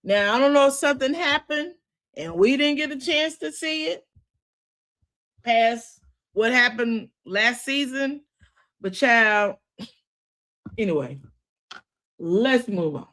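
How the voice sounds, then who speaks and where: A woman's voice: fairly high pitch, slow, pauses often. Chatty woman gossiping through a recap. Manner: chatty and expressive, retells scenes with sassy asides; breaks into laughter often. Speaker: reality TV recap vlogger. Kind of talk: casual gossipy recap commentary.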